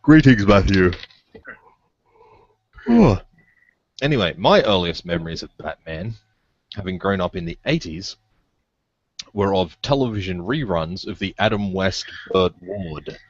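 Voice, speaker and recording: A young man co-hosting a casual podcast chat, sounding tired and relaxed as he asks questions. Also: low-pitched, moderate pace, dry recording. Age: young adult. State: tired, yawning. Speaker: podcast co-host. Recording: dry, dull lo-fi podcast audio.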